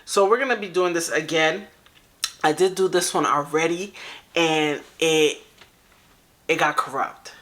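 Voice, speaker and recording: A woman hosts a reaction video and chats casually to her viewers. Her voice is bright, and she talks in a loose, repetitive way with quick asides. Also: sits low. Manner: chatty, repetitive, laughing asides. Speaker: reaction channel host.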